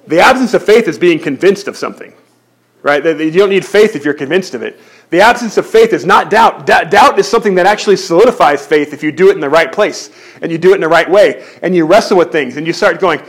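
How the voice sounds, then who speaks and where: A man delivers a sermon in a conversational, animated way, his voice sitting fairly high for a man. He often restarts mid-sentence as he works through his points. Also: fairly quick. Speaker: pastor.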